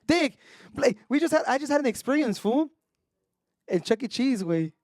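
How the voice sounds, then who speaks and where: A man's voice: extremely high pitch, sing-song, moderate pace, a little mellow, dry recording, clean studio sound. A young man telling a story on a podcast, casual and profane, switching between Spanish and English slang. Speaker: podcast co-host.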